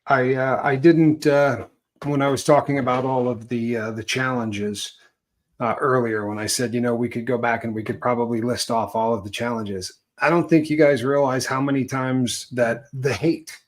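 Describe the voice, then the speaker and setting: A man co-hosts a casual livestream, speaking earnestly with frequent hesitations and filler sounds. His voice sits at an average pitch for a man. He builds his points slowly and thoughtfully. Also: steady tone. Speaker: co-host. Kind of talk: livestream chat.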